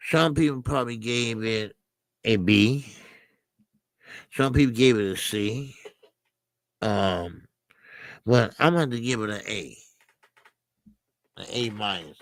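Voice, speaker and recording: A man with a gravelly, fry-tinged voice talks slowly and loosely, hosting a live boxing chat stream. He reacts to his viewers, trailing off into fillers and restarts, and the sound is dry and close. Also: lowish voice, no echo. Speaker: boxing channel host. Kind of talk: casual live-stream commentary.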